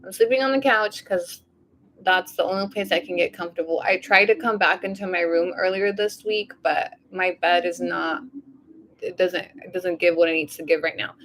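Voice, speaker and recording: A woman vlogger in a casual diary vlog, tired and low on energy, rambling with lots of fillers and speaking openly about her feelings. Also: steady tone, normal speed, a bit bright, a little hiss or hum. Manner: openly emotional, confiding.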